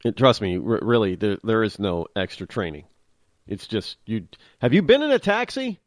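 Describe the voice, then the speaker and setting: A man's voice: lowish voice, sing-song, normal speed, dry recording, studio quality. A man hosting a talk show, delivering an opinionated monologue with emphatic restarts and repeated words.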